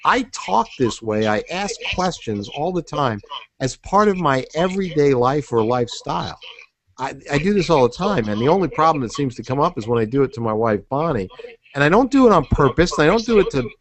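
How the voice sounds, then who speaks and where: A man's voice: a little high, fairly quick. A middle-aged man leading a sales training role-play, asking leading questions and acting out the answers. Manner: animated, asks leading questions, acts out answers. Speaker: business trainer.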